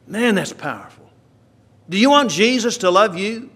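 A man preaching a sermon, swinging from quiet, slow asides to loud, emphatic lines. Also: high-pitched, expressive.

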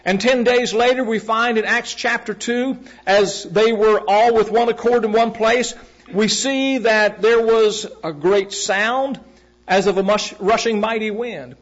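High-voiced man preaching a sermon. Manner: measured, repeats key phrases for emphasis; asks the congregation direct questions. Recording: muffled, lo-fi recording.

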